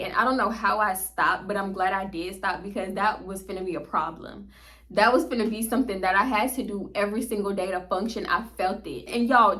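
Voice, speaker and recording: A medium-pitched woman vlogger shares a story with her audience, staying casual and animated, breaking into laughter frequently and talking straight to the viewers.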